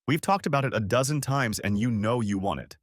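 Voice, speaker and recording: A man's voice: medium pitch, animated, brisk, no room sound, clean studio sound, lightly acted. A man voicing a smug, scheming brother coaxing a woman along.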